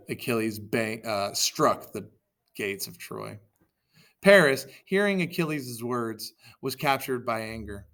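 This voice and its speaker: A man reads a story aloud in a relaxed, unpolished way. His voice is bright, and he stops to fix slips and toss in quick asides. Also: medium pitch. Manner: reads with self-corrections and asides. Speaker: reader. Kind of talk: casual storybook reading aloud.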